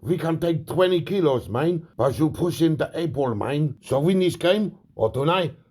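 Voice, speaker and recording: A man's voice: on the high side, lively intonation, normal speed, a little mellow, husky. A man voicing a hot-tempered foreign male football manager who rants and threatens. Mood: ranting. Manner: ranting, threatening.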